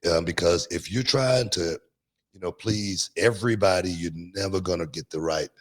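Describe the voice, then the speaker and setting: A man's voice: low voice, moderate pace. A middle-aged man, a podcast co-host, chatting casually, laughing often and repeating words as he thinks. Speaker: podcast host, former wrestler. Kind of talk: casual chat.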